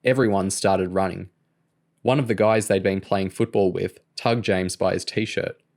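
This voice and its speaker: A man reading a novel aloud in a steady storytelling manner. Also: deep voice, a little slow, creaky. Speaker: audiobook reader. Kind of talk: audiobook narration.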